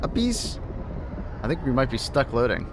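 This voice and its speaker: A man's voice: mid-range voice, animated, moderate pace, background noise. A man chatting casually on a game live stream, talking to his cat and swearing now and then.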